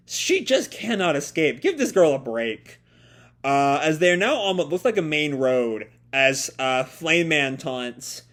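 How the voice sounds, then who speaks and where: A man's voice: on the high side, animated, normal speed, fairly bright tone. A man reading a comic chapter aloud and chatting about it casually, rambling with lots of fillers and laughter. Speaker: comic reaction host. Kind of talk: casual live reading and commentary.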